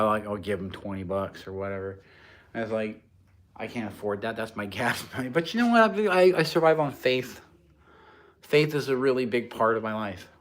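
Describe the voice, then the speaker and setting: A man talking casually on a livestream from his garage workshop, rambling and frank, often laughing at himself. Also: mid-range voice. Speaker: livestream host, maker.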